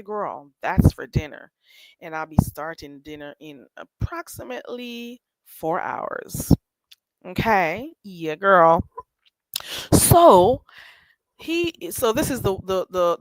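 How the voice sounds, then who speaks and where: A woman's voice: medium pitch, fairly bright tone, no room sound, low-quality recording. A woman, nasal and congested, casually telling a gossip story to her livestream chat with many restarts and asides. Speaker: livestream host.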